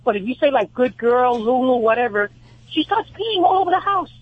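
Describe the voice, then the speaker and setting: A woman's voice: high-pitched, big pitch swings, brisk, breathy edge, dry recording, phone-quality sound. A woman caller with a New York accent, telling her story in a chatty way.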